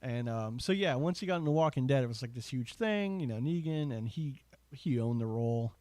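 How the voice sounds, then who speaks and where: Man, casual host, rambling, enthusiastic, fillers, middle pitch, dry close sound. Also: animated, fairly quick, a little mellow, dry recording. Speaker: podcast host. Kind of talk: casual chat.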